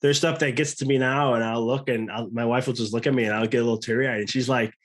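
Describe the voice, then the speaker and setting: A man's voice: medium pitch, steady tone, fast talker. A man in his thirties, a guest on a podcast, talking casually and earnestly, with many restarts and quoted self-talk. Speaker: podcast guest, chiropractor and coach.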